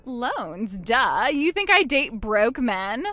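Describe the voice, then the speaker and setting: A woman's voice: on the high side, sing-song, takes it slowly, pushed and bright, no echo, faint music behind, heavily acted. A woman voicing a gloating, cruel younger sister in a text-message story, taunting in a sing-song way.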